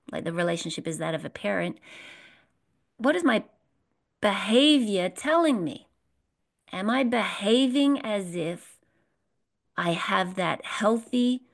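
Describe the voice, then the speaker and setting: A woman leads a spiritual workshop, talking straight to the people in the room. She is earnest and repeats her phrases, asking questions of her listeners. Her voice sits at a middling pitch. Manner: earnest, repetitive, asks the audience questions. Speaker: workshop leader. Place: workshop room with a live audience.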